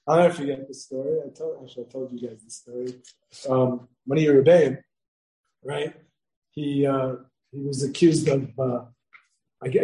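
A man's voice: fairly high pitch, warm tone, rough recording. A middle-aged man teaching a Torah class to students, conversational, asking "right?" again and again, telling stories from home and mixing Hebrew and Yiddish terms into his English. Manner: conversational, asks "right?" often, tells personal stories.

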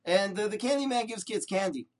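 An older man, a rabbi, teaching a Torah lesson with lively storytelling, rhetorical questions and short repeated phrases for emphasis. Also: sits high, brisk.

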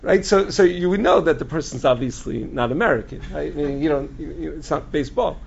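A man's voice: a little high, fairly quick, creaky, highs cut off, slight background noise. A man teaching as a rabbi in a lecture. He quizzes the audience with questions and answers them himself, often restarting and repeating words. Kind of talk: Torah lecture to a group.

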